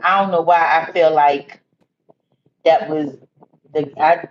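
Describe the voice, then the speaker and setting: A woman's voice: low voice, steady tone, slow, muffled recording, a little hiss or hum. Rambling woman on a phone livestream. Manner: rambling, talks to viewers directly. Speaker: livestream host. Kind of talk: casual livestream chat.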